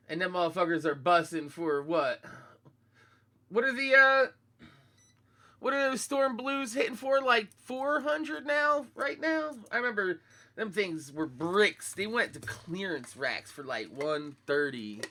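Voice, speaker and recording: Bright-voiced young man, casual and profane. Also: sits high. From Philadelphia, USA. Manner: laid-back, profane street slang, chatty. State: groggy morning voice. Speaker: sneaker vlogger. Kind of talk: casual chat to live viewers.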